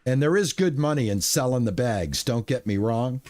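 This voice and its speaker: A man's voice: medium pitch, lively intonation, normal speed, a little mellow. A man streaming a video game, talking through his play in a rambling, playful way with goofy exclamations. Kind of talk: casual gameplay commentary.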